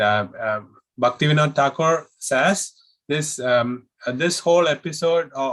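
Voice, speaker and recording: A man teaching children over a video call, telling a story gently with many pauses and fillers. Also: mid-range voice. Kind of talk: online class storytelling.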